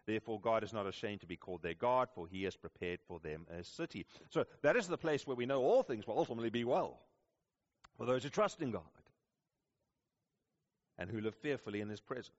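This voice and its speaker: A man's voice: on the low side, animated, a little fast, dull audio. A man preaching a sermon to his congregation, earnest and pleading, sometimes pressing hard with questions. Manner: earnest, rising to intense questioning then softening. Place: church service with congregation.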